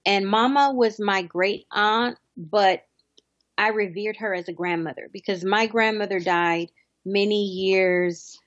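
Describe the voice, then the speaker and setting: Woman, thirties, mid-pitched, heartfelt, reminiscing, dry muffled sound. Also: fairly even intonation, a little slow, no room sound. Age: 30s. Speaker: guest. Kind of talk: interview conversation.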